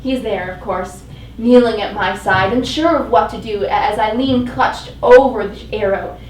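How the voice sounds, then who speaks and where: A woman's voice: fairly high pitch, unhurried, a little hiss or hum. A woman giving a dramatic, emotionally intense live reading of first-person fiction at a live event. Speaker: fiction reader. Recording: echoey live venue, mic at a distance.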